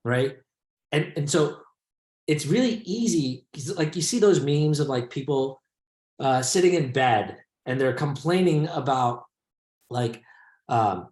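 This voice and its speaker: A man's voice: mid-range voice, animated, a little slow, a little mellow. A man hosts a casual podcast discussion with a mid-range voice. He muses at length and circles back over his own phrases. His voice rings in a roomy, echoey space. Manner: rambling, reflective, many restarts. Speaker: podcast host. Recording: echoey room.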